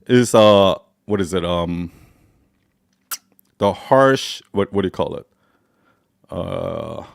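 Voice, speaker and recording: A man's voice: medium pitch, no room sound, studio quality. A man hosting a live Q&A, lecturing bluntly and heatedly with lots of swearing and many restarts. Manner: blunt, profane, heated tough-love lecturing; rambling with many restarts and fillers. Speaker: host of a live Q&A. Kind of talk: live stream Q&A talk.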